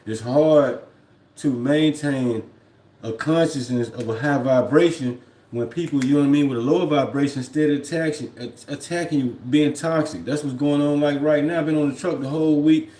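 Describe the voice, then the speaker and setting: A man's voice: on the high side, steady tone, normal speed, warm tone, roomy sound. A man who drives trucks talks casually on a home livestream, rambling and reflective, often repeating "you know what I mean.". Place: at home, indoors.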